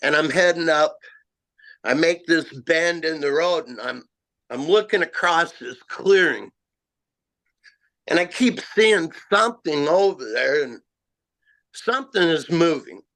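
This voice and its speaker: A man with a slightly high, bright, forward voice recounts his own encounter. He speaks slowly and haltingly, with "you know" and "uh" scattered through his rambling story. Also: animated. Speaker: eyewitness guest. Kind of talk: first-person encounter story.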